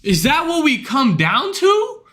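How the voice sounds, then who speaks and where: High, bright-voiced ranting male streamer. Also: huge pitch swings, measured pace. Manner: profane, ranting, slangy. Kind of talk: livestream rant.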